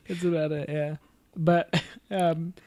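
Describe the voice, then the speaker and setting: A man's voice: on the high side, level tone, slow pace, a little mellow, no room sound. Giggly, rambling man in casual chat. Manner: giggly, rambling, many fillers. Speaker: podcast co-host, film reviewer.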